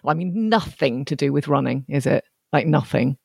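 A woman's voice: rumbling low, animated, normal speed, creaky, a little mellow, breathy edge, no room sound, clean studio sound. A woman co-hosting a running podcast, chatting casually, laughing often and mocking herself, recorded remotely. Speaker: podcast co-host. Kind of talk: casual chat. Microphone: remote recording setup.

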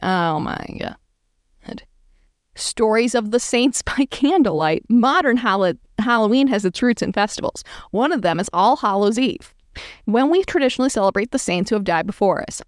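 Recorded cleanly in a studio with no room sound, a medium-pitched woman reads a blog aloud and riffs on it. Her reaction commentary is casual, sarcastic and amused.

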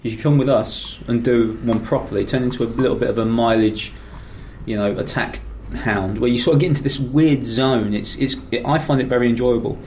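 A man's voice: medium pitch, brisk, a little mellow, a little hiss or hum. A middle-aged man from England hosting a podcast, rambling through stories in a chatty, teasing way. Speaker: podcast host. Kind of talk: casual chat.

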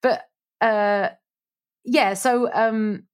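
Lively woman telling stories. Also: fairly high pitch, extremely slow, clean tone. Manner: lively, acts out quoted voices. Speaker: radio presenter, guest. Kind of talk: casual storytelling interview.

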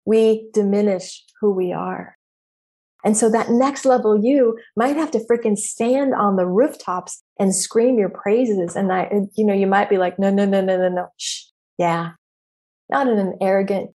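A woman's voice: medium pitch, a little mellow. A woman coach and podcast host giving an emphatic, preachy motivational talk with casual swearing.

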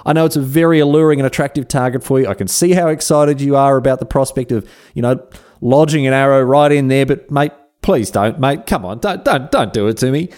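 A man's voice: medium pitch, a little fast, a little mellow, close to an everyday voice. A man voicing a frightened older general who pleads and wheedles for his life, in a comedic history podcast. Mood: pleading.

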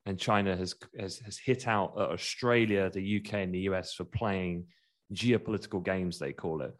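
A man hosting a casual market chat, talking quickly and laughing as he goes. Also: sits low, fairly even intonation. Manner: chatty, laughs while talking, quick asides. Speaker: market commentator.

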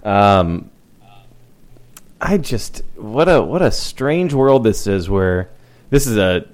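A man with a fairly low voice chatting about sports on a podcast. He talks dryly and wryly, slipping in deadpan puns. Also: slow pace. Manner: dry, punning, wry. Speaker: podcast co-host. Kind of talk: casual sports chat.

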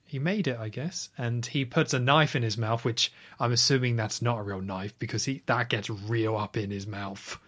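A man co-hosting a podcast, casually recapping a film scene by scene with quick asides. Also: medium pitch, steady tone, a bit bright. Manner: retells scenes at length, chatty with quick asides. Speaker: podcast co-host.

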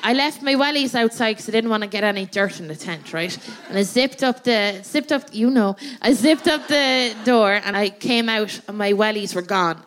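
Her voice is mid-range and moderately paced, with a slight hiss or hum behind it. She's an Irish comedian and guest co-host on a theatre stage before a live audience, chattily telling a comic story, laughing along with it, and asking "right?" every so often.

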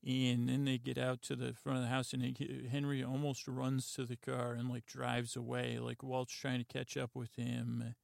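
A man hosting a podcast, softly retelling a TV episode in a halting, meandering way full of "uh" and "like". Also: medium pitch, monotone, gravelly, no room sound, clean studio sound. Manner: halting, lots of "uh" and "like", quiet and meandering. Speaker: podcast host. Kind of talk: rambling sleepy retelling of a TV episode.

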